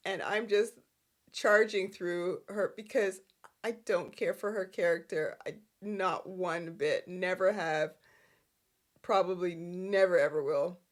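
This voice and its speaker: A woman's voice: mid-range voice, slow. A woman hosting a soap opera recap, chatting casually, laughing often and acting out the characters' lines. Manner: animated, laughs a lot, acts out characters' lines.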